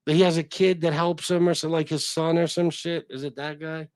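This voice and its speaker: A man's voice: fairly high pitch, fairly quick, clear, resonant tone, no room sound. A man hosting a casual livestream, reading comments and telling rambling, profane stories. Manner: profane, rambling, animated reactions. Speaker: livestream host.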